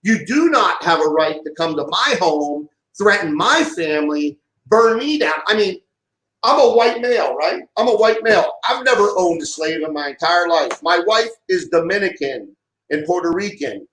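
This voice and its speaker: A man's voice: high-pitched, animated, normal speed, a bit bright, echoey room, rough recording. A middle-aged man delivering an impassioned monologue, heated and emphatic, often repeating himself. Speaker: vlogger giving a political rant.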